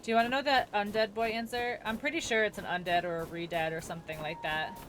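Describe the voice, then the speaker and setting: A woman's voice: mid-range voice, fairly even intonation, fast talker, music in the background. A woman streaming a video game, chatting casually and reacting aloud as she answers her chat. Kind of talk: casual gameplay commentary.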